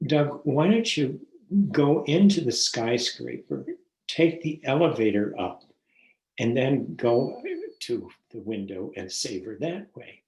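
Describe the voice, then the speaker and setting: A man voicing his plain-spoken older father, who gives calm, matter-of-fact practical advice. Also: medium pitch, slow. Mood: advising. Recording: roomy echo.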